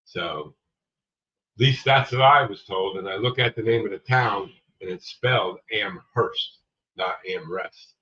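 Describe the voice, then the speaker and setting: A deep-voiced man chats casually on a livestream, answering viewers by name with a bright, forward edge. His audio is dull and lo-fi, and he sits a little away from the mic. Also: measured pace, recorded from a distance. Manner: rambling, chatty, addresses viewers by name. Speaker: livestream host. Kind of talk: casual livestream chat reading viewer comments.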